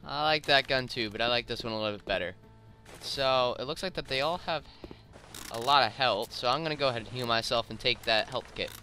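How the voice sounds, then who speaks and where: A man's voice: mid-range voice, fairly quick, sharp tone. A man giving casual let's-play commentary, chatting through his own moves and getting easily alarmed. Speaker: gameplay commentator. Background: game music and gunfire.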